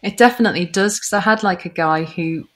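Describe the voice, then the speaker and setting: A woman with a notably low voice speaks as a podcast guest. She is earnest and thoughtful, pausing with small fillers as she works through her points. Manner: earnest, thoughtful, slightly hesitant. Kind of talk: conversational interview.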